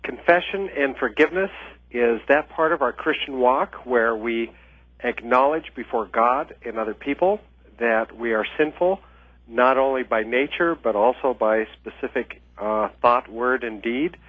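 A man, an author and ministry trainer, explaining things earnestly as a radio interview guest, with frequent small pauses and fillers. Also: mid-range voice, dry recording. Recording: tinny phone line.

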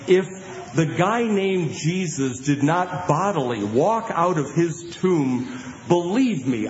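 A man preaching a sermon, emphatic and insistent, with vivid images. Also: fairly high pitch. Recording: muffled sermon clip in a roomy hall with faint noise.

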